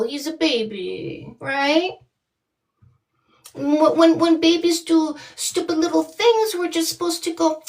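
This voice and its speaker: A woman's voice: sits high, a bit bright. A woman from Canada, a dating coach, ranting on a livestream in a blunt, mocking and profane way. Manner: scolding, with many rhetorical questions. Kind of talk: livestream rant.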